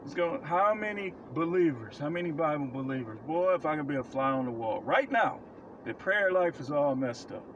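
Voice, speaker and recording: A man preaches advice straight to camera, blunt and emphatic, hammering points with repetition. His voice sits a touch high for a man. Faint vehicle noise hums in the background. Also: animated, a little fast, a bit bright, highs cut off. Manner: blunt, emphatic, repeats himself for stress. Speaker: self-described prophet giving life advice. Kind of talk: casual preaching monologue to camera.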